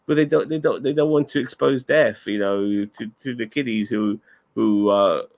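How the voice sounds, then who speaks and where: A man's voice: mid-range voice, fairly even intonation, normal speed, vocal fry, a little mellow. A man co-hosting a casual chat, hesitant, repeating words and laughing often.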